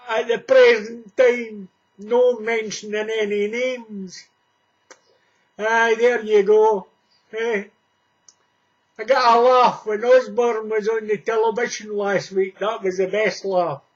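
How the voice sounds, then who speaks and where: A Scottish man in his sixties chatting to camera in a casual vlog, joking and laughing at his own jokes. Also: high-pitched. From Scotland. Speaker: vlogger. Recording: dull lo-fi home recording.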